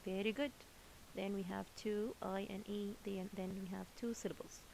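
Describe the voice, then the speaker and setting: A woman's voice: mid-range voice, fairly even intonation, normal speed, gravelly, a little mellow, slight background noise, rough recording. A woman teaching a children's English lesson, patiently repeating each word twice.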